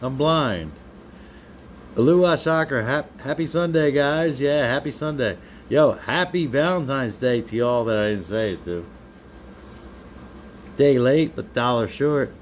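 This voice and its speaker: A man's voice: medium pitch, unhurried, pauses often, a little hiss or hum. A man on a live stream, reading viewers' comments aloud and answering them with playful, teasing banter. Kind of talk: casual live-stream chat.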